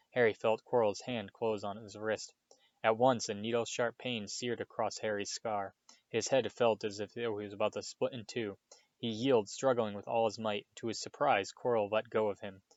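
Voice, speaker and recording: A man reading a storybook chapter aloud, expressive with occasional slips. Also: lowish voice, dry recording. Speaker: reader. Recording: dull dry recording.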